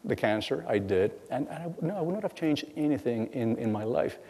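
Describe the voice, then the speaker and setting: A middle-aged man giving a lecture as guest speaker, telling stories with halting repeats and acting out bits of dialogue. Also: mid-range voice, lively intonation, mellow, slightly rough. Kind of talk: lecture storytelling. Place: lecture hall. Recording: long hall reverb.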